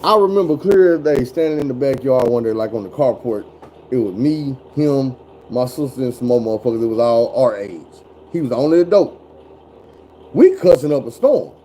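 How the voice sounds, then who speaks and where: A man's voice: mid-range voice, lively intonation, a little fast, mellow, a little hiss or hum, rough recording. A man in his forties telling stories in casual chat, blunt and full of cursing. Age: 40s. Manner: profane, blunt, drawling storyteller.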